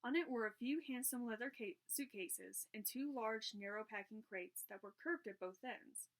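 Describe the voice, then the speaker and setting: A woman reading a children's mystery novel aloud at a steady pace, with small restarts now and then. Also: fairly high pitch, normal speed.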